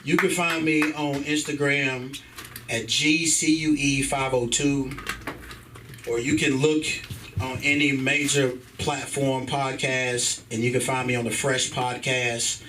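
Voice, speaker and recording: A man's voice: mid-range voice, slow. A man doing a profane stand-up set at an open mic, telling a story and voicing the people in it, with a sore throat. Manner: profane, animated storytelling with voiced characters. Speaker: stand-up comedian. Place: comedy club stage. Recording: distant room mic with background noise.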